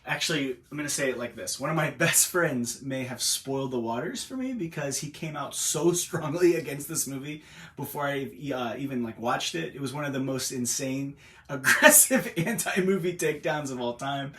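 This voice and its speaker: A man's voice: mid-range voice, normal speed, a bit bright. Man, casual film reviewer, frank, chatty delivery. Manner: chatty and frank, with laughs and fillers. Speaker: bookstore owner reviewing films.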